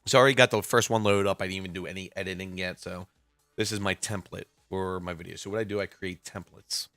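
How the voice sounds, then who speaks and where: Give me a laid-back man in his forties with a very low voice, chatting loosely on a stream over quiet music. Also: steady tone, fast, no echo. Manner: rambling and laid-back, swears casually. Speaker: reptile keeper and live streamer. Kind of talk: casual live-stream chat. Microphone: computer mic at a desk. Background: faint background music.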